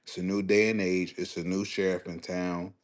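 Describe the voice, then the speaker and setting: A young man hosting a casual live stream, talking sports in a slangy, animated way and answering his chat. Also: sits low, moderate pace. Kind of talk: casual livestream sports commentary.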